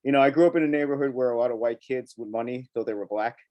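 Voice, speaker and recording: A man's voice: mid-range voice, very fast, highs cut off. Chatty male TV review co-host. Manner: chatty and emphatic, laughs often. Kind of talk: casual review chat.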